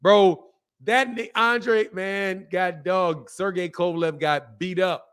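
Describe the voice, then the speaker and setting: Running a boxing livestream, this man rambles bluntly, repeats himself, uses lots of slang, and reads out chat messages. He speaks slowly in a high, steady voice that is fairly bright, clear, and resonant.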